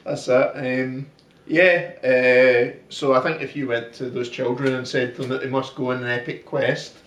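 A man's voice: medium pitch, flat delivery, normal speed, a bit bright, a little hiss or hum. Man, podcast co-host, joking, rambling, laughing often, distant mic, echoey club room. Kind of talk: casual banter. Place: comedy club room, off stage. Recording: roomy sound from a distant mic.

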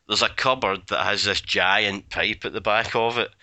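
Man, chatty guest; rambling, giggly, swears a lot; very bright, crisp tone with a dry, close sound. He laughs through his own stories. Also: fairly low pitch, steady tone, moderate pace, dry recording. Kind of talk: casual chat.

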